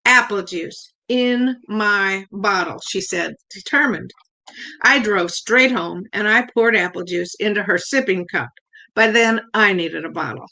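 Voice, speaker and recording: A woman's voice: medium pitch, normal speed, vocal fry, sharp tone, low-quality recording. An older woman reading her own humorous family story aloud, acting out the quoted lines as she goes. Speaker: contest winner reading her piece.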